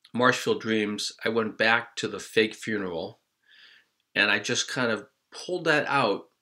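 A man, a children's author, gives a friendly writing lesson for kids in a relaxed, chatty way with many ums. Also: lowish voice.

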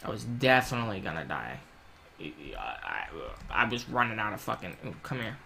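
A young man giving casual, rambling gameplay commentary at home, swearing freely and yelling in panic when things go wrong. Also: lowish voice, big pitch swings, normal speed, creaky, a little hiss or hum. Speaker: gaming YouTuber.

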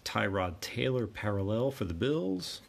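A very animated man with a lowish voice and vocal fry keeps a measured pace as he hosts a card break. He names the cards as they appear and chats casually to himself, with slight background noise in the recording.

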